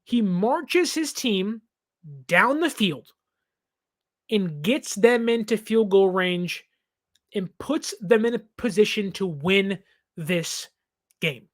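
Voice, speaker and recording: A man's voice: high-pitched, lively intonation, slow, long pauses. A man in his twenties hosting a sports reaction show, talking in an emphatic, impassioned way and laughing now and then. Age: 20s.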